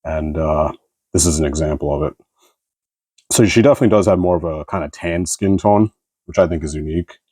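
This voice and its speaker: A man giving a relaxed, rambling review of an action figure as a channel host, with plenty of fillers like "kinda" and "you know.". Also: extremely low pitch, fairly quick, dry recording. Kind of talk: casual product review.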